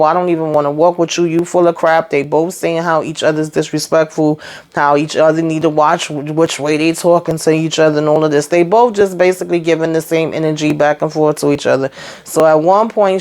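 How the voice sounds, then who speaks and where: A woman's voice: deep voice, darkish tone. A woman hosting a casual TV recap, chatty and sassy, retelling scenes through quoted dialogue. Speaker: reality TV recap host.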